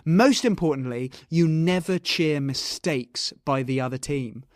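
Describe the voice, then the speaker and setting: A man's voice: on the high side, measured pace, no room sound, studio quality. A man co-hosting a comedy podcast, chatting in a jokey, casual way. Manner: jokey, slips into silly put-on voices. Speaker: podcast co-host.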